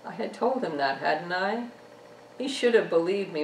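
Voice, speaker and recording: A woman author reading her own novel aloud, telling a first-person story at a measured pace. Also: lowish voice, expressive, slight background noise. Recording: echoey room, distant mic.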